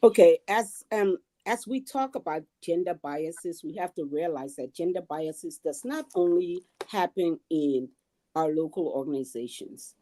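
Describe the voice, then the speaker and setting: A woman from Liberia speaks over a video call with a low, mellow voice. She is measured and deliberate, and she builds her argument step by step in an easygoing group discussion. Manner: measured, lays out points deliberately. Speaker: panel guest.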